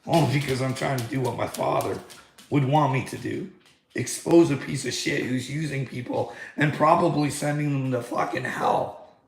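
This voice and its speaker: The vlogger's gravelly, medium-pitched voice carries at normal speed through a reverberant space. He's angry and heated, cursing constantly as he goes over a confrontation in his monologue.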